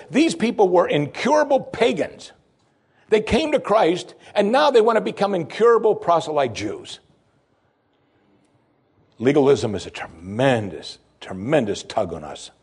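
A man preaching a sermon, lively and humorous, who drops his voice low and soft when quoting pleas. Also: husky. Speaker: pastor.

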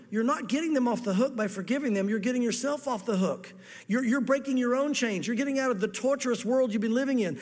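Man preaching in a church, really high voice, big reverby hall, earnest, plays out the story. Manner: earnest, acts out the dialogue of the parable. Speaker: pastor. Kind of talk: sermon.

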